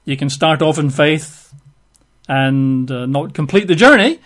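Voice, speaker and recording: A man delivering a sermon with a somewhat raised pitch, reading verses and then chatting about them. He drops in dry, joking asides and small laughs. His tone stays easygoing and conversational. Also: animated, measured pace, a bit bright. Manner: conversational, wry asides and chuckles while reading scripture. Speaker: preacher.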